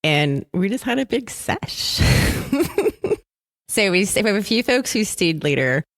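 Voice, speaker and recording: A woman's voice: mid-range voice, sing-song, unhurried, fairly bright tone. A woman guest-hosting a podcast in casual chat at a conference happy hour, giggly and self-deprecating. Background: drinks and chatter.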